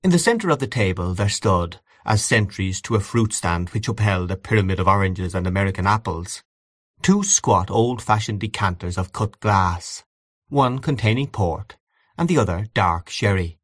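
A man narrating classic fiction as an audiobook, in a measured, expressive reading. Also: lowish voice, no room sound, studio quality.

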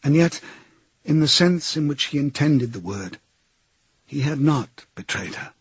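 A man narrating a novel as an audiobook in a measured, grave way. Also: on the high side, expressive, slightly rough, no room sound, dull audio.

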